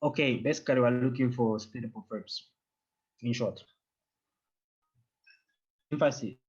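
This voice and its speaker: A man's voice: mid-range voice, measured pace, darkish tone, lo-fi sound. A man teaching an online German class in English, patient and joking, dropping German words in.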